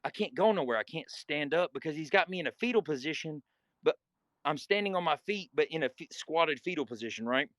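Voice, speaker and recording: A man's voice: fairly high pitch, lively intonation, brisk, a bit bright, no echo. A man telling a guest story in casual, vivid, profane talk and acting scenes out.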